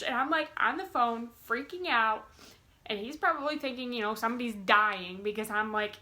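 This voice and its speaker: Young woman, twenties, bubbly casual vlogger, bright tone, giddy and rambling. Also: on the high side, a little fast. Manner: bubbly, gushing, many fillers. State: giddy with excitement. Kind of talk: casual chat to camera.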